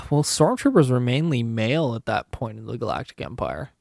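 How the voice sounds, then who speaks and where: A man in casual conversation, telling stories in an animated way. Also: medium pitch, creaky, no echo, studio quality. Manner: animated storytelling, quick asides. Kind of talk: casual chat.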